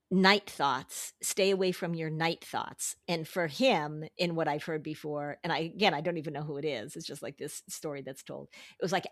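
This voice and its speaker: Lively dry-voiced middle-aged woman host. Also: sits low, no echo. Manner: animated, laughs often, acts out quoted voices. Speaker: podcast host, therapist. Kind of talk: casual chat.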